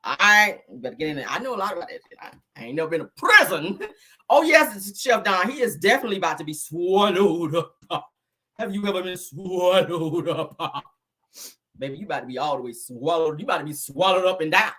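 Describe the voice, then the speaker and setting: A man's voice: a little high, expressive, fast talker, bright, forceful tone, slightly rough. A man hosting casual gossip commentary in a flamboyant, sassy, cackling manner.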